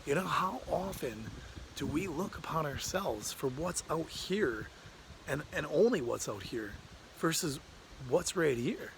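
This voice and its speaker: A man's voice: fairly high pitch, lively intonation, measured pace, a little hiss or hum. A man telling a fable in a casual, conversational way, ending with a moral. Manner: conversational, uses "like" often. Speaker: storyteller.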